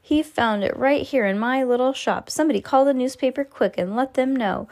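A woman reading a storybook aloud, voicing a fat, excitable male shopkeeper who turns shrill and booming with excitement. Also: brisk. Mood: ecstatic. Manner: booming and excitable when thrilled.

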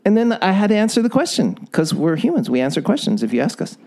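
A man's voice: high-pitched, big pitch swings, fast talker, darkish tone, poor audio. A middle-aged man giving relationship advice as a podcast guest, coaching emphatically and acting out example lines.

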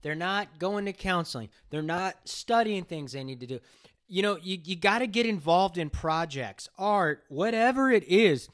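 A man's voice: high voice, lively intonation, moderate pace. A man on a podcast talking bluntly and casually, swearing freely as he agrees and adds his view. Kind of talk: casual chat.

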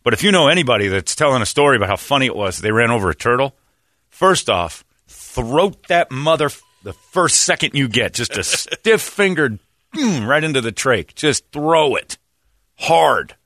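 Speaking at an ordinary pace, a middle-aged man hosts a talk radio show, cursing through animated rants with pitch swings and laughing at his own jokes. The sound is studio quality with no room sound.

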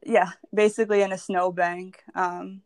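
A woman's voice: lowish voice, level tone, moderate pace, no room sound. A woman sharing her personal story as a podcast guest, candid and emotional, with lots of "like" and "um.". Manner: candid and emotional, heavy with "like" and "um" fillers.

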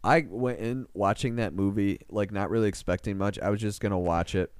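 A man with a very low, deep voice co-hosts a casual podcast chat. He rambles with enthusiasm and laughs often. The sound is dry and close. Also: fairly quick, clean tone, no room sound. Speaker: podcast co-host.

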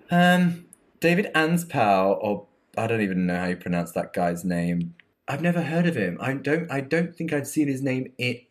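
A man co-hosting a podcast, reviewing a film in casual, rambling chat with many restarts. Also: mid-range voice. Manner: chatty, rambling with restarts and laughs. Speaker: podcast co-host.

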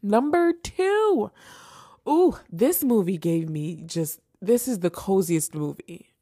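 A woman's voice: fairly low pitch, big pitch swings, a little slow, dark tone, breathy edge, no echo, clean studio sound. A young woman hosting a casual chat show, gushing over favorites and repeating phrases for emphasis. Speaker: host ranking holiday movies.

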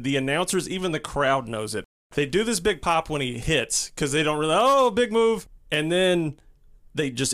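A man's voice: mid-range voice, a bit bright. A man co-hosting a podcast in casual chat, retelling what he watched in an emphatic way and swearing freely. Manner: emphatic, profane, vivid retelling. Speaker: podcast co-host.

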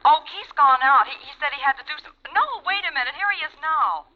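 An actress in a 1940s radio play playing an affectionate young bride who gushes. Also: female voice, high-pitched, lively intonation, fast. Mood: gushing. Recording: dull old radio broadcast.

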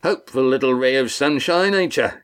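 A man reading the part of a tough innkeeper, speaking in a calm, dry, teasing way. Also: mid-range voice, fairly quick, clean tone, voice pushed up, close to an everyday voice. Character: tough, wry innkeeper, calm under threat.

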